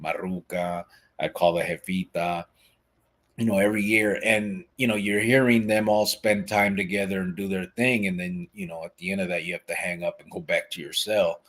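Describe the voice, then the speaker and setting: He hosts a live podcast out of Arizona, US, chatting in a relaxed, wandering style with plenty of fillers. The voice is low and steady at normal speed, a bit bright.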